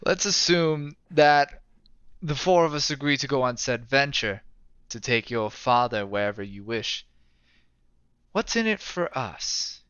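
A man's voice: medium pitch, expressive, unhurried, fairly bright tone, clear, resonant tone, no room sound. A man playing a tabletop game, jokey and putting on mock-formal politeness. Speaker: player. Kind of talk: casual tabletop play with mock-formal speech. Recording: dry, slightly muffled mic.

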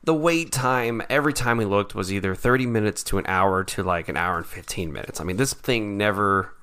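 A man co-hosting a casual chat, telling stories in an animated way and acting out the people in them. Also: on the low side, fairly quick, clear, resonant tone. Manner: animated storyteller, acts out quoted people. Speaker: podcast co-host.

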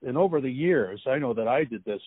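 A male host keeps the interview moving in a relaxed, conversational way, often leaning on "I mean." His pitch is ordinary. The sound is dry and tinny, like a phone call. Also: brisk, husky, no echo. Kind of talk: interview questions.

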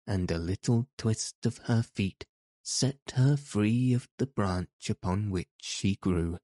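A man narrates a storybook at an unhurried, deliberate pace. His voice is low and mellow, and his reading is steady and measured. The recording is dry and close, with no room sound. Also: no echo. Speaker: audiobook narrator.

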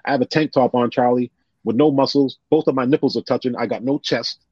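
Fast-talking husky man telling stories. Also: medium pitch, no room sound. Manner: animated, retells scenes with quoted voices. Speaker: guest. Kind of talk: casual storytelling on a podcast. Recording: dull lo-fi sound.

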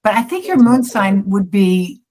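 A woman's voice: medium pitch, big pitch swings, unhurried, darkish tone, poor audio. A middle-aged woman, a psychic guest, chatting casually in an interview, often restarting her sentences.

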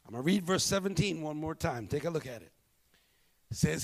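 A male pastor preaching a sermon, swinging from hushed, drawn-out lines to shouted ones. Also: a little high, lively intonation, creaky.

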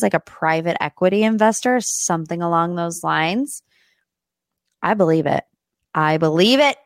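A woman's voice: low voice, no echo, clean studio sound. A young woman hosting a podcast, talking casually and chattily about pop culture news with plenty of asides. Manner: chatty and gossipy, with lots of asides and fillers. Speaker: podcast host.

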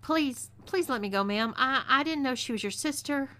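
A woman voicing a frightened young man in a western story, pleading desperately. Her voice rises above her narration and stays bright and tense. A Texan twang runs through it. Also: high-pitched, animated, moderate pace, pitched above the performer's own voice. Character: scrawny young man captive, frightened and begging.

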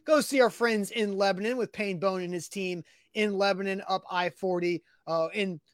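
A man's voice: high-pitched, fairly even intonation, moderate pace, no echo, clean studio sound. A man co-hosting a casual morning sports show, talking in a loose, rambling way and laughing readily. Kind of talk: casual sports radio chat.

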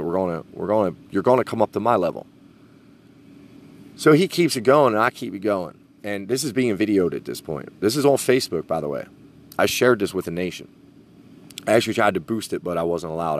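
A man's voice: fairly low pitch, vocal fry, a little hiss or hum. A man telling a story in a casual podcast monologue, swearing and laughing as he talks. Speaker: podcast host.

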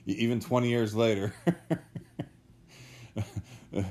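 Guy with a lowish warm voice, rambling through old racing stories on a podcast. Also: flat delivery, a little slow. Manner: rambling, anecdotal storyteller. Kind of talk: casual podcast chat.

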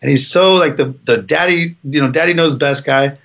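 A man's voice: a little high, moderate pace, fairly bright tone. A man co-hosting a casual comedy podcast, telling profane stories and acting out the people in them. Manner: profane storyteller, acts out people in bursts. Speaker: podcast co-host. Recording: dull lo-fi sound.

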